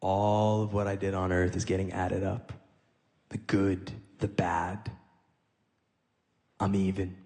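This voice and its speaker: A man's voice: sits low, little pitch movement, takes it slowly, long pauses, a little mellow, big-room sound. A man performing stand-up comedy, telling stories in a conversational way and acting out both sides of the dialogue. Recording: live audience laughing.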